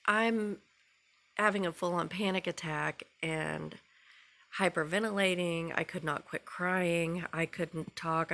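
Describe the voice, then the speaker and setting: A woman's voice: low-pitched, gravelly, fairly bright tone. A woman vlogger telling a raw, emotional personal story to camera, earnest and repeating key phrases for weight.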